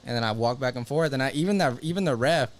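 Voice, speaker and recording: Brash fast-talking young fighter man. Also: medium pitch. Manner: brash, profane, animated storytelling. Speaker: MMA fighter, interview guest. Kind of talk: casual interview talk.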